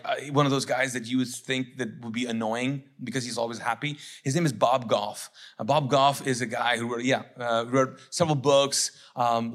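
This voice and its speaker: Conversational man preaching a sermon. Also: mid-range voice. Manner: conversational, acts out listeners' objections in quick asides; repeats phrases for emphasis. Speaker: pastor.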